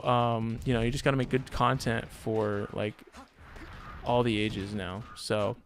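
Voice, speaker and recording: A man's voice: medium pitch, fairly bright tone, slight background noise. A young man streaming from home, telling a story in a loose, rambling way with lots of fillers. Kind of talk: casual storytelling chat.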